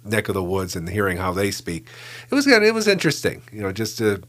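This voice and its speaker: A man's voice: lowish voice, wildly swooping pitch, brisk, fairly bright tone. A man hosting an interview, asking long, rambling questions full of "you know.". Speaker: interview host. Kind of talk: conversational interview.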